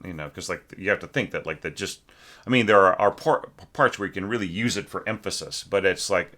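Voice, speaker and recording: A man's voice: sits low, bright, forceful tone. A man giving a loose, rambling spoken critique of a student's orchestration, full of fillers and sung musical figures. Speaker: orchestration teacher.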